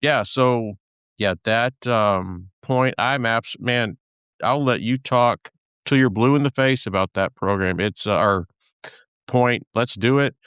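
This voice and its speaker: A man's voice: mid-range voice, slow, fairly bright tone, clean tone, no room sound, clean studio sound. A man from Texas hosting a podcast in casual chat, rambling with lots of fillers and restarts. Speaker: podcast host.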